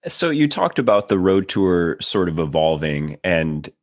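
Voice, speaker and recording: A man interviewing a guest, asking measured, thoughtful questions. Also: sits low, very animated, dry recording, clean studio sound.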